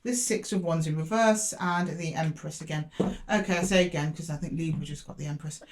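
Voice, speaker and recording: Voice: medium pitch, brisk. Dramatic, chatty tarot reader. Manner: dramatic, chatty, with indignant asides. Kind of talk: casual tarot reading to camera.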